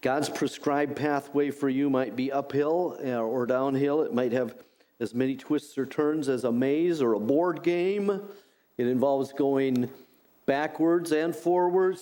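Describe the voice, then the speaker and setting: A middle-aged man delivering a sermon at an unhurried, measured pace. His voice is warm and mellow, and he leans on repeated phrases to drive each point home. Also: mid-range voice. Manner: deliberate, repeats key phrases for emphasis. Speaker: pastor.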